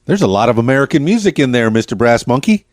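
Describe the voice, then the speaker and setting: A man's voice: medium pitch, big pitch swings, fast, dry recording, clean studio sound. A man hosting a podcast interview, asking long, rambling questions with enthusiasm. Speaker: podcast host. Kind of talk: casual interview.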